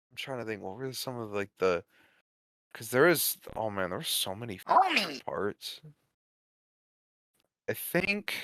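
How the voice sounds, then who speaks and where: A man chatting casually as a podcast guest, halting and often restarting his sentences. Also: medium pitch, fairly bright tone, dry recording, studio quality. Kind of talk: casual chat.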